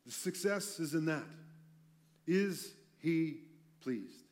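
A man's voice: fairly high pitch, animated, slow, darkish tone. A man pastor giving a conversational sermon in a church, mixing teaching with self-deprecating jokes. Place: church sanctuary.

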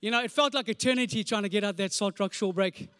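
A man in his forties with a strikingly high voice preaches a sermon. He tells stories comically, acting them out with sound effects and repeated phrases. The recording is dry and close, with no room echo. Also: quick pace, a bit bright, clean tone. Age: 40s. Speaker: pastor. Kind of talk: storytelling sermon.

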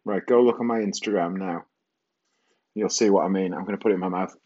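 A man's voice: deep voice, fast, warm tone, dull audio. Chatty man rambling in his kitchen. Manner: chatty, self-mocking, swears casually. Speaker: podcast host. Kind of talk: rambling solo podcast chat. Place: home kitchen.

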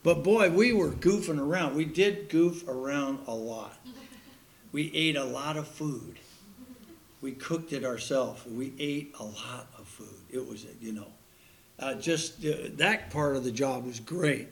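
A man's voice: medium pitch, measured pace, creaky, slight background noise. A man preaching a sermon in a folksy, joking way, laughing at his own puns and stories.

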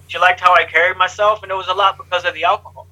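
A man with a high, sharp and very bright voice talks through his past in an interview. He is blunt and streetwise, with slang and the odd curse. He slips into other people's lines as he tells it. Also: fairly even intonation, rapid-fire, low-quality recording. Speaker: interview guest. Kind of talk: candid life story told in conversation.

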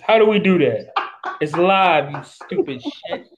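A man's voice: sits high, animated, measured pace, muffled recording, a crowd in the background. A man co-hosting a casual podcast, teasing bluntly. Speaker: podcast co-host.

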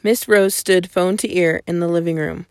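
A woman's voice: on the low side, fairly even intonation, moderate pace, a little mellow, no echo, studio quality. A woman reading a story aloud as an audiobook narrator, in vivid first-person storytelling. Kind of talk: scripted narration.

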